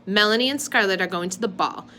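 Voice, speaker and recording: A woman reading a storybook aloud, voicing a girl of about ten, the older sister, who speaks briskly and a bit scoffingly. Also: medium pitch, bright, forceful tone, slight background noise, natural voice. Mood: playful.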